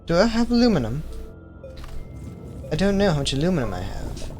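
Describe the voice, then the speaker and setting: A man's voice: fairly high pitch, big pitch swings, a little fast, a little mellow, faint music behind. A man streaming a game, thinking aloud, rambling and correcting himself, teasingly calling his viewers his vamplings while he puts on an accent. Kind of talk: casual gaming commentary.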